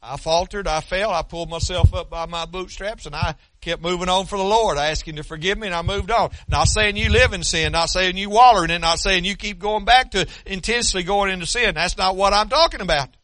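An older man preaching a sermon, folksy and fervent, stammering through restarts and breaking into shouts. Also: high-pitched, a little fast, few pauses, dry recording. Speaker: pastor.

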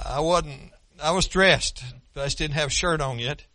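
Folksy older preacher, high bright voice. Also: male voice, normal speed, no echo. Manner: folksy preaching, rising to fervent shouts, frequent stammered restarts. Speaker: pastor. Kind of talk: sermon.

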